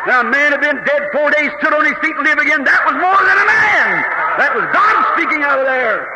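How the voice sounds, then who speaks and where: A man preaching an impassioned revival sermon that builds to shouts, on an old 1950s tape in an echoey hall. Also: very high-pitched, lively intonation, a little fast, very noisy. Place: large church hall.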